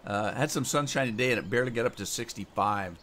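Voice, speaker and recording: A man's voice: mid-range voice, fast talker, fairly bright tone. Chatty American man streaming a game. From United States. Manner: chatty, thinks aloud and answers viewers' chat. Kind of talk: live gameplay commentary. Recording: game vehicle engine noise behind.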